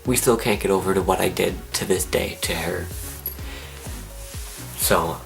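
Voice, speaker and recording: Excitable teen guy telling a story. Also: deep voice, measured pace, creaky, faint music behind. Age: teens. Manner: excitable, animated, acts out his own screams and whispers. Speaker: vlogger. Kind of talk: storytelling to camera.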